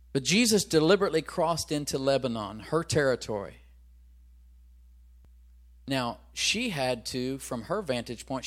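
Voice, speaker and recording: A man delivers a sermon in an easygoing, conversational tone, speaking at a middle pitch for a man. He keeps turning to his listeners with rhetorical questions. When a reference slips his mind he hunts for it out loud and starts his sentence over. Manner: searches aloud for references, restarts. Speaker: pastor.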